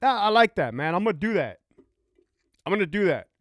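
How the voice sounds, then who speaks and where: A man's voice: high-pitched, very animated, brisk, a bit bright, dry recording, studio quality. A man hosting a casual livestream, talking profanely and reading out viewer comments. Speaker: livestream host, former prison officer.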